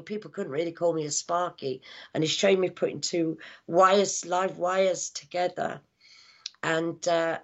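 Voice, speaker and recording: A woman working as a psychic medium, giving a live reading with halting speech, lots of fillers, hushed asides and affectionate words like darling. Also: lowish voice, vocal fry. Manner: affectionate, calls people darling and my lovely. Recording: dull lo-fi sound.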